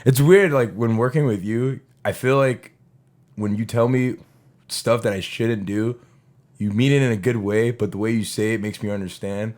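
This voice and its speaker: Laid-back low-voiced man rambling casually. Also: fairly even intonation, normal speed, a little mellow. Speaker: podcast co-host. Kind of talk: casual chat. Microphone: studio podcast mic.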